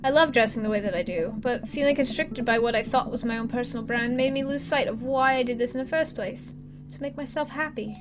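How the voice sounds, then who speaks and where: A woman doing a slow, mannered goth dad. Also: on the high side, noisy background, close to an everyday voice. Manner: slow, quiet, mannered and formal. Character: soft-spoken gothic man, Victorian-minded dad. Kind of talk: let's play voice acting. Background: game music.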